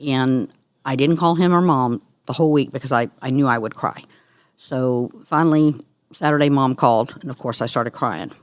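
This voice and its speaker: A middle-aged woman, a guest on an interview, telling her story in an earnest, animated way. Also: very deep voice, moderate pace, dry recording. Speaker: guest, cancer survivor. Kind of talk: conversational interview.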